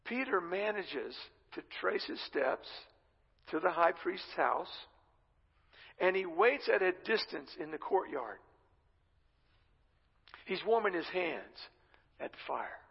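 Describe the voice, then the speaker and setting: Taking his time with long pauses, this pastor retells scripture in a loose, conversational sermon. His high voice is husky and gravelly. The church hall stretches it into a long reverb, and the audio comes across fairly dull and muffled.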